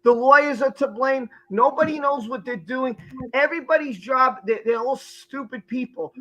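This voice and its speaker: A man's voice: extremely high pitch, normal speed, fairly bright tone, highs cut off. A man hosting a livestream, ranting heatedly and swearing as he gives commentary. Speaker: show host.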